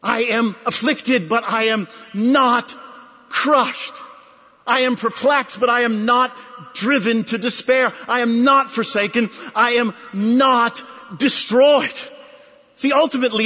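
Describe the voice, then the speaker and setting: Emphatic male preacher, bright tone, dull recording in a big hall. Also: very high voice. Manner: emphatic, repeating phrases for effect. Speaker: pastor. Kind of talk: sermon. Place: large conference hall.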